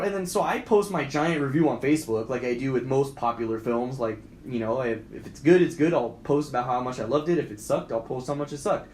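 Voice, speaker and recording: A man's voice: fairly quick, few pauses, a little mellow. A young man co-hosting a podcast, ranting casually about a movie in a rambling, profane way. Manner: rambling, profane, acts out quoted lines in a higher voice. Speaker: podcast co-host. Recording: echoey room with faint background noise.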